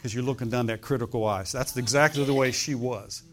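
A man's voice: mid-range voice, fast, a bit bright, faint music behind. A middle-aged man preaching a sermon in a conversational way, often checking in with "okay?" and "amen?". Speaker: pastor.

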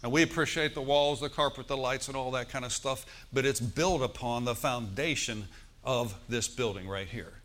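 A man's voice: mid-range voice, moderate pace, fairly bright tone. A male pastor preaching a sermon in a church, asking his congregation questions and leading them in reciting scripture.

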